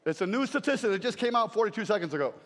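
High-voiced preacher in an echoey hall. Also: male voice, racing. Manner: animated, emphatic, shouts key phrases. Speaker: traveling preacher. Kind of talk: sermon.

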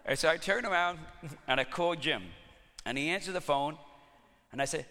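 A man preaching a sermon, telling stories in an animated way and laughing often. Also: on the high side, a little fast, long pauses, in a large hall. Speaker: pastor.

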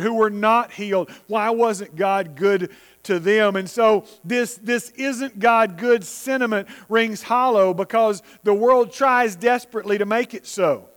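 A man preaching a sermon as pastor, earnest, with frequent stammered restarts and slowed words for emphasis. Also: sits high. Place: church sanctuary. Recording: long hall reverb.

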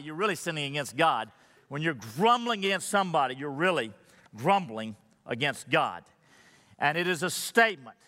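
A man's voice: high voice, sharp tone, big-room sound. A man preaching a sermon as pastor, in a conversational way full of rhetorical questions.

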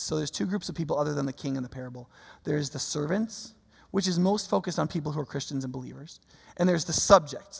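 A man preaching a sermon with a fairly high, gravelly voice. He talks casually, throwing out rhetorical questions and fillers. His voice rings with the long reverb of a large hall. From United States. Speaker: pastor.

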